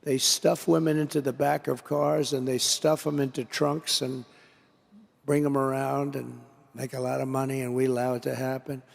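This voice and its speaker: The voice is gravelly and mid-range, flat in delivery and at normal speed. It belongs to a man giving a rally-style political speech to an association at a podium microphone in a large convention hall, where he rambles, repeats himself and wanders into digressions amid the hall's long reverb.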